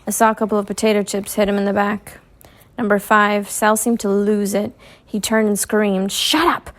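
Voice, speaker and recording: A woman's voice: mid-range voice, monotone, normal speed. Woman reading a novel aloud. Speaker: audiobook reader. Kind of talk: first-person novel narration.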